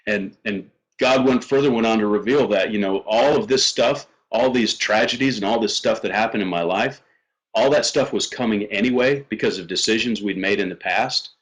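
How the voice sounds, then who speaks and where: A middle-aged man telling a personal faith story as a guest, earnest and halting, with many fillers and restarts. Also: on the low side, poor audio.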